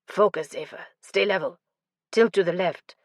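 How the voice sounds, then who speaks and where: A woman's voice: fairly low pitch, measured pace, no echo, clean studio sound. A woman voicing a winged male warrior in an audiobook, giving terse, commanding orders. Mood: urgent, commanding. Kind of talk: audiobook character dialogue.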